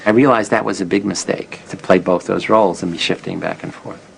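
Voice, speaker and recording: A man's voice: low-pitched, fairly even intonation, fairly quick, vocal fry, rough recording. An older man being interviewed as a psychologist, reflective and self-critical.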